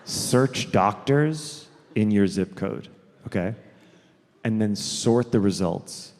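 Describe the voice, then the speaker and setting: A man performing a stand-up comedy set on stage, telling stories deliberately and drawn out, with quick asides. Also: lowish voice, animated, a little mellow. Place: large theater stage. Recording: live comedy hall with long reverb, faint crowd noise.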